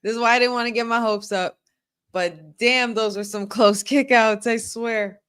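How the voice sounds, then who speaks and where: A woman hosting a live watch-along stream, reacting excitedly to the action and talking to her viewers. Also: on the high side, normal speed, smooth.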